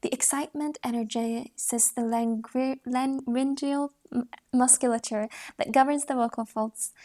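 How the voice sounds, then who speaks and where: A woman reads aloud from a voice training book, sitting a little high in her range. Her reading stays steady and instructional. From time to time she demonstrates the exercises herself with rising, sung tones. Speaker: voice book reader.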